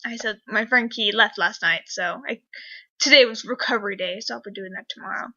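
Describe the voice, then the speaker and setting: A young woman vlogger telling a story casually, rambling and excitable, full of fillers. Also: mid-range voice, brisk. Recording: dull lo-fi webcam audio.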